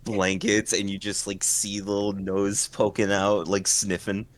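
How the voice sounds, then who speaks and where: A man's voice: fairly low pitch, level tone, measured pace. A man playing a tabletop role-playing game, talking bluntly and swearing. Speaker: player.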